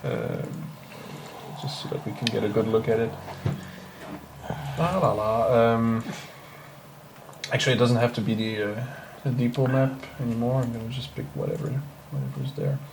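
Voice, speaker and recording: A man hosting a casual game livestream, talking in a halting, rambling way with many fillers and restarts. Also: medium pitch, level tone, gravelly. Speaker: livestream host. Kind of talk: casual gameplay stream chat. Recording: faint background noise.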